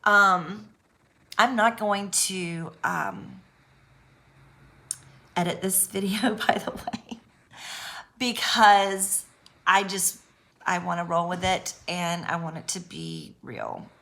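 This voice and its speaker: A woman's voice: fairly low pitch, slow, gravelly, long pauses, bright, forceful tone. A woman talking to camera in an unedited personal vlog, nervous and earnest, reassuring her viewers with lots of ums and restarts. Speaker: YouTuber speaking on abuse recovery.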